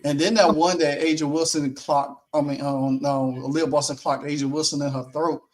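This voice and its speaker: A man co-hosting a casual post-game sports talk stream, animated, laughing easily and acting out what others said. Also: fairly high pitch, normal speed.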